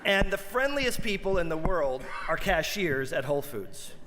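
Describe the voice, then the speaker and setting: A man giving a holiday sermon as a rabbi, an animated storyteller who acts out quoted outbursts in his stories. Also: fairly high pitch, normal speed, a little hiss or hum. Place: large synagogue sanctuary. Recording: reverberant sanctuary.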